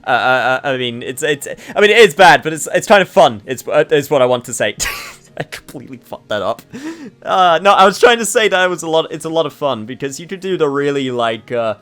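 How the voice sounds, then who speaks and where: A man's voice: on the high side, expressive, brisk, fairly bright tone, smooth, faint music behind. A young man giving rambling, self-deprecating commentary over a game, laughing at his own slips. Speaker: game streamer. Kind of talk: let's play commentary.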